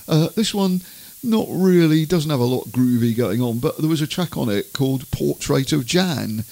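Gravelly, rambling middle-aged man hosting. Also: fairly high pitch, expressive, normal speed, a little mellow. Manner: rambling, many "uh" fillers and asides. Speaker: radio music show host. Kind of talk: casual chatty storytelling.

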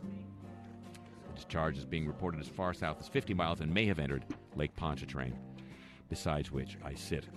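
Host, male, very low voice, sardonic news commentary with dry asides, music underneath. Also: expressive, moderate pace, long pauses. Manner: dry, sarcastic asides between read-out news items. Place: home near a lake, voice-over.

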